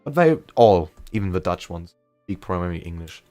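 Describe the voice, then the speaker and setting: A man's voice: sits low, big pitch swings, a little fast, mellow, dry recording, faint music behind. A young man with a slight German accent, chatting casually and rambling a bit while streaming a game, often self-deprecating. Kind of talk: casual chat during a live game stream.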